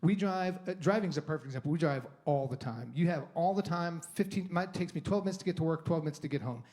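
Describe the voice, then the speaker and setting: Man, guest speaker at a church service, slightly high voice, casual rambling delivery. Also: quick pace, darkish tone. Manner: conversational, rambling with restarts and acted inner monologue. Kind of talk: sermon talk. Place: church sanctuary.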